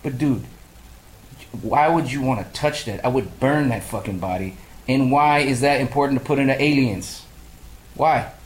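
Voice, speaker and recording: A man's voice: medium pitch, normal speed, reverberant, poor audio. A man casually ranting in a movie review, swearing freely and acting out his own reactions. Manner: profane, animated storytelling, mimics his own reactions. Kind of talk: casual rant.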